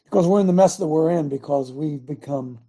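A man's voice: a little high, a little fast, dark tone. A man in his sixties preaching a sermon in a folksy, impassioned way and repeating lines for emphasis. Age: 60s. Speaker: preacher and show host.

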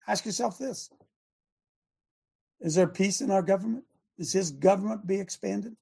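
A man hosting a preaching talk show as a pastor, sarcastic and bursting into shouts. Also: high voice, moderate pace, gravelly, pauses often, breathy edge. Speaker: pastor and radio host.

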